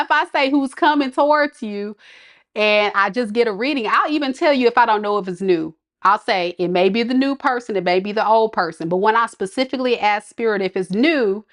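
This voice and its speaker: A woman's voice: on the high side, a bit bright. A woman tarot reader scolding her live viewers in an exasperated, laughing rant.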